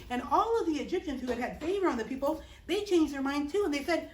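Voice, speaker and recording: Woman, children's Bible teacher, playful storytelling, high voice, roomy room sound. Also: fast talker, hardly any pauses. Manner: lively, playful, expressive. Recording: roomy, distant mic.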